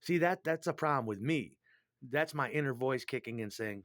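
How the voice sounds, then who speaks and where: A man's voice: mid-range voice, moderate pace, a bit bright, dry recording, studio quality. A middle-aged man delivering a crude, profane, rambling monologue.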